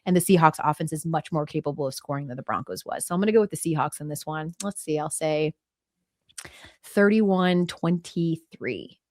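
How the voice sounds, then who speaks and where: Lively woman telling a sports story. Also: sits low, moderate pace, dry recording, studio quality. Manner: lively storyteller, acts out quotes. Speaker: sports anchor, podcast guest. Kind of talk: casual interview chat.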